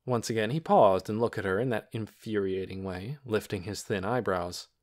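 A man reading an audiobook in calm, measured scripted narration. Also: fairly low pitch.

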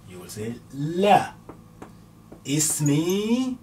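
A man teaching a beginner's language lesson, repeating words slowly and carefully. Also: fairly high pitch, big pitch swings, a little mellow. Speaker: Arabic teacher. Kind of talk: slow, patient language lesson. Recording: distant mic with faint hum.

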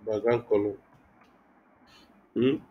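A man's voice: fairly low pitch, steady tone, slow pace, muffled recording. A young man teaching web design in a live online class, thinking aloud with many restarts and fillers. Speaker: web development instructor.

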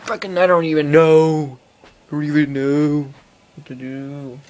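A man's voice: a little high, little pitch movement, measured pace, darkish tone. Rambling teen boy vlogger. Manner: rambling, full of fillers and swearing. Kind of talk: rambling casual vlog. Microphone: phone or iPod held close.

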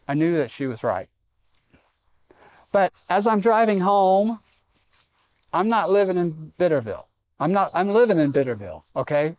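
A middle-aged man preaching a sermon in a church, conversational and self-deprecating with humor. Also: fairly high pitch. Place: church sanctuary.

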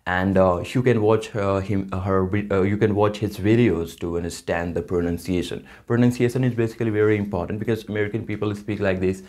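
Halting Indian English tutor, low voice. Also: male voice, steady tone, a little mellow. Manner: earnest, instructive, halting with many restarts. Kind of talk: casual spoken-English tutorial.

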